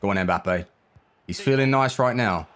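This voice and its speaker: A young man giving live commentary on his own football video game match, reacting out loud to every play. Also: on the low side, normal speed, slight background noise. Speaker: gaming YouTuber.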